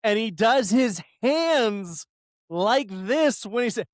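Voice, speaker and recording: A man's voice: high voice, lively intonation, takes it slowly, no room sound. A man hosting a podcast, casual chat, telling rambling stories full of swearing and laughter. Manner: rambling storyteller, swears a lot, laughs often, mimics people. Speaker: podcast host.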